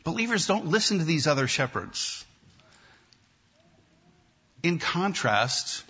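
Male pastor preaching, kinda husky, a bit high-pitched, repeats himself for punch, muffled church recording. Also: big pitch swings, pushed and bright. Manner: emphatic, repeats phrases with slow deliberate pauses. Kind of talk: sermon. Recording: dull lo-fi sermon recording.

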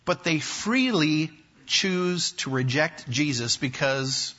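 A male pastor preaching a sermon to his congregation, emphatic and repetitive, with slow deliberate pauses. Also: a little high, lively intonation, bright, forceful tone. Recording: dull lo-fi sermon recording.

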